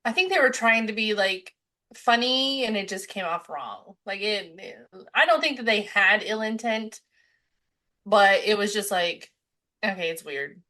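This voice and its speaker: A woman's voice: mid-range voice, bright, forceful tone. Young woman cohosting a podcast, chatty, acts out quotes as she recaps. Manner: chatty, retells scenes in quick quoted voices. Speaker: podcast co-host. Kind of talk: casual chat about a movie.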